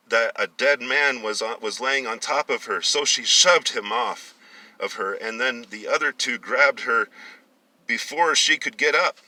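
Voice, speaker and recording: A man reading a story aloud with a sharp, forceful tone, often tripping over words and starting phrases again. He sits a little away from the mic in a dry, dead-sounding space. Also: mid-range voice, dry recording, distant mic, poor audio. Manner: stumbles and restarts, corrects himself. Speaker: story reader.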